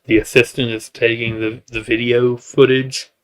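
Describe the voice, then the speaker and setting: A man's voice: flat delivery, moderate pace. A man casually recapping a show's season with jokes, asides and restarts. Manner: rambling, jokey, with asides and restarts; works up into high-pitched exasperation. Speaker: show reviewer.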